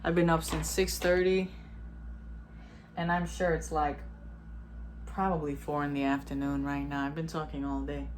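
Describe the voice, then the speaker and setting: Speaking in a deep voice at normal speed with long pauses, a twenty-something woman vlogger addresses the camera bluntly and emphatically, cursing freely. She's an animated storyteller who acts out the people in her casual spiritual monologue, and there's a little hiss or hum.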